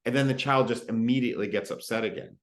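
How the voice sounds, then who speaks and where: A man's voice: medium pitch, fast. Conversational man speaking in an echoey room. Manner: relaxed, conversational, many fillers. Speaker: parenting presenter. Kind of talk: recorded parenting talk with personal story.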